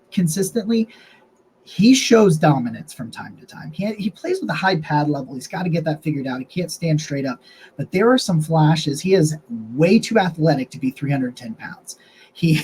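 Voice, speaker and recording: A young man talks through draft picks in a loose, rambling way, stopping and restarting his sentences. His voice sits a little high for a man but sounds dark and mellow. Faint noise hangs behind him. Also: rough recording. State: has the hiccups. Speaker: sports podcast host. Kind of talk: casual sports analysis monologue.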